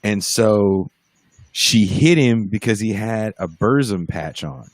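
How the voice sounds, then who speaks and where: A man's voice: fairly low pitch, expressive, takes it slowly, dry recording. A man on a podcast, casually telling a story, swearing freely and acting out other people's voices when he quotes them. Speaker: podcast guest, band musician. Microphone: podcast mic over a livestream.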